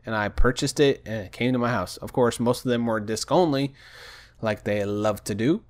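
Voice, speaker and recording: A young man vents in a casual storytelling rant, exasperated and restless, at a middling pitch. He acts out both sides of the phone calls he describes, jumping between voices. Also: normal speed. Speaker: vlogger. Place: home desk.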